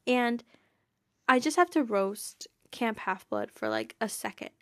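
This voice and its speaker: A woman's voice: fairly high pitch, huge pitch swings, measured pace, fairly bright tone, dry recording, studio quality. A young woman hosting a fan podcast, chatting casually in a bubbly, giggly way with lots of fillers. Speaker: podcast host.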